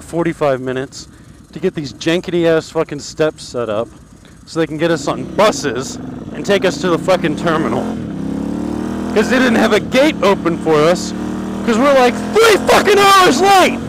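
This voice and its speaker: A man vlogging while riding his motorcycle, telling a long, angry, profanity-laden story in a rambling way. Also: high-pitched. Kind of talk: profane ranting vlog. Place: outdoors riding a motorcycle on a country road. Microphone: helmet action camera. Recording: engine and wind noise.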